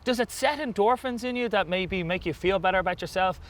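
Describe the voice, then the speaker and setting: Fields: Sex: man. Role: host. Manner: energetic, playful. Pitch: high. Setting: outdoors at a rugby club. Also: brisk. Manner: energetic hype, playful banter. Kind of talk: upbeat presenter intro and interview.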